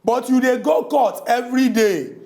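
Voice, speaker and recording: A man's voice: extremely high pitch, moderate pace, creaky, a little mellow. A Nigerian man hosting a talk radio show in Pidgin, making emphatic points about civic duty.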